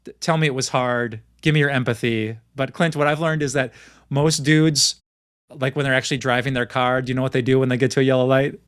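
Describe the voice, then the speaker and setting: A man's voice: medium pitch, steady tone, fast, clear, resonant tone, dry recording. Earnest man, dry close sound. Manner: earnest, laughs easily, explains with examples. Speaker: pastor, podcast guest. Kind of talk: conversational interview.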